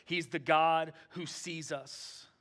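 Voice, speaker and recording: Male pastor, high bright voice, casual sermon style, eager then hushed. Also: steady tone, slow pace. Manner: conversational, full of "like", moving between eager and hushed tones.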